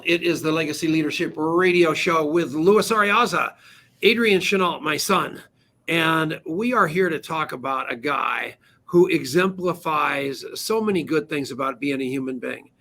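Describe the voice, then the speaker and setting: A man's voice: a little high, vocal fry, fairly bright tone. A man hosting a talk radio show, introducing his guest with effusive, joking praise. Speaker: host.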